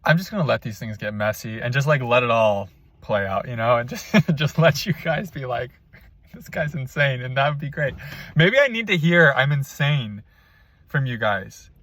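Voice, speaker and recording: A man's voice: mid-range voice, lively intonation, moderate pace, a bit bright, no echo. A young man talks openly about spirit and purpose, wandering between thoughts with plenty of "like" and "you know." His voice sits in a middle register. The sound is dry and close, as if recorded inside a parked car. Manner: rambling, candid, self-conscious, with frequent fillers and restarts. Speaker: spiritual coach. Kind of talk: casual spiritual vlog monologue.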